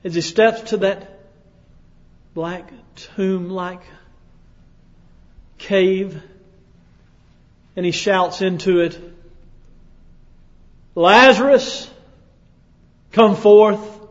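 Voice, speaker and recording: A male preacher telling a sermon as dramatic second-person storytelling, dropping to a hush and rising to loud declarations. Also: high voice, little pitch movement, very slow, long pauses. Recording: echoey hall, dull lo-fi sound.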